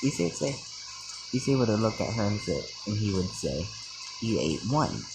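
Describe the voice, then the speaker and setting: A tired man with a very deep voice improvises a fan story, rambling through ums and restarts. He records outdoors at night, with crickets and insects chirping loudly behind him. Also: very animated, fairly quick, background noise. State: tired, yawning. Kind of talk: improvised fan-fiction narration.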